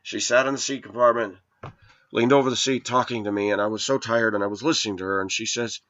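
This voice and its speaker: A man's voice: on the low side, steady tone, quick pace, a bit bright, dull audio. A man in his forties telling a rambling personal story in an indignant, preachy way to his viewers. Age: 40s. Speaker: vlogger.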